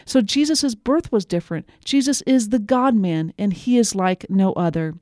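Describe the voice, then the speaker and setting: A woman preaching a devotional sermon, earnest and emphatic, slowing down on key phrases. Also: medium pitch, animated, a little mellow, dry recording, studio quality.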